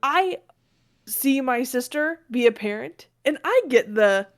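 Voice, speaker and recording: A woman's voice: sits high, lively intonation, measured pace. A woman co-hosting a podcast in casual chat, emphatic and leaning hard on key words. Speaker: podcast co-host.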